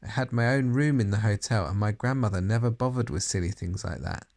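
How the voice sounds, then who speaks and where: A man's voice: fairly low pitch, fairly quick, creaky, darkish tone. A man reading a children's novel aloud in the first person, with dramatic emphasis. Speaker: audiobook reader.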